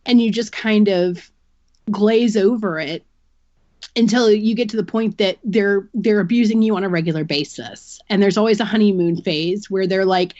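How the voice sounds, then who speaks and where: A woman's voice: mid-range voice, normal speed, a little mellow, no room sound, lo-fi sound. A woman guest on a podcast, giving a candid personal account and explaining things earnestly through long analogies.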